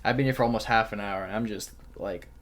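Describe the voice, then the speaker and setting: A man's voice: on the low side, steady tone, fast, fairly bright tone. A podcast host spins a long story in loose, slangy talk, swearing freely and calling his listener bro. He slips into the voices of the people he quotes. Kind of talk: casual storytelling chat.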